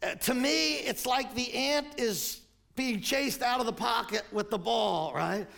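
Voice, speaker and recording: An older man preaching a sermon as pastor, telling stories and quoting scripture, sometimes rising to shouts. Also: very high voice, a little slow, gravelly.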